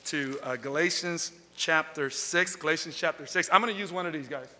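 A pastor with a fairly high, bright, forceful voice preaches a storytelling sermon in a church sanctuary at a moderate pace. He tells stories in a chatty way, tagging lines with "okay" and "all right," and the church hall is reverberant.

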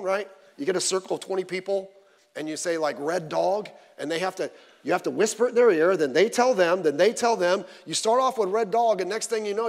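High-voiced male preacher in a reverberant hall. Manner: conversational, animated, acts out quoted voices. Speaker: pastor. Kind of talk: sermon.

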